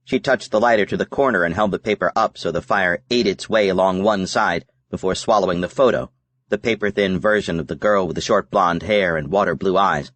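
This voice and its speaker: A male narrator reads a novel in a measured, steady manner. His voice sits low. The sound is dry and close to the mic, with no room echo. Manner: measured, even reading. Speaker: audiobook narrator. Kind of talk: scripted narration.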